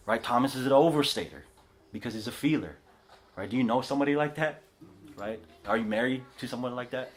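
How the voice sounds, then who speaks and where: A casual, animated preacher with a mid-range voice talks briskly, delivering a conversational sermon in a house church living room. He keeps restarting his sentences and tags lines with "right?"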